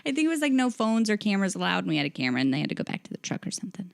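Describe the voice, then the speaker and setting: A woman chatting on a podcast, quick and teasing. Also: mid-range voice, big pitch swings, creaky, no echo, studio quality. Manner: quick teasing, laughs often. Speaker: podcast participant. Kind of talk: casual chat.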